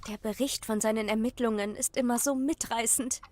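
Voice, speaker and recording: A polite, apologetic young housemaid, voiced by a woman for an old-time detective game. Her voice sits a little high and stays respectful. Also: fairly even intonation, a little fast, a little mellow, natural voice. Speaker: game character.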